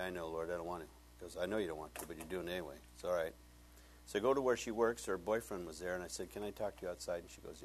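A middle-aged male pastor giving a conversational sermon, telling stories and swinging from hushed asides to loud emphatic points. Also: on the low side.

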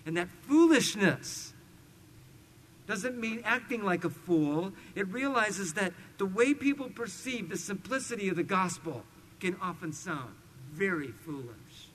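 High-voiced man preaching, animated. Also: unhurried, slight background noise, poor audio. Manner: animated storyteller, swings between loud emphasis and hushed asides. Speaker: pastor. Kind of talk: expository sermon with personal stories.

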